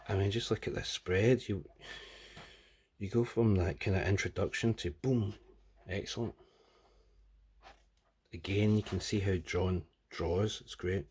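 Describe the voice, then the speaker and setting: A man's voice: on the low side, measured pace, long pauses, a little mellow, slight background noise. A man casually reviewing a comic book, rambling and crude with plenty of jokes.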